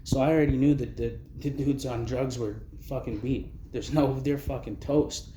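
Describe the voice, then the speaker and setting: A man's voice: mid-range voice, steady tone, normal speed, mellow, roomy sound, a little hiss or hum. A man telling his own story of homelessness in blunt, agitated speech full of swearing. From Canada. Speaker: vlogger recounting homelessness. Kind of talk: angry personal testimony.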